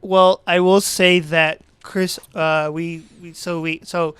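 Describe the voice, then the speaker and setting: A man's voice: fairly high pitch, takes it slowly, clear, resonant tone, no echo. A man co-hosting a casual baseball podcast, telling stories and acting out quotes. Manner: animated storyteller, acts out quotes. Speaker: podcast co-host. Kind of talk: casual chat.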